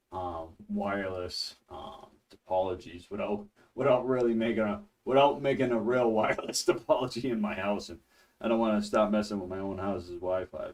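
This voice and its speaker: Relaxed low-voiced man, slightly off-mic. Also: distant mic. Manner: chatty and loose, with laughs and restarts. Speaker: streamer teaching a networking course. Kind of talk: casual study stream talk. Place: his home.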